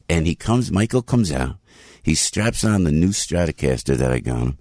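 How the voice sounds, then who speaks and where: A middle-aged man hosting a radio show, telling a story with excited emphasis. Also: extremely low pitch, normal speed, no room sound, studio quality. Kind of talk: animated storytelling monologue.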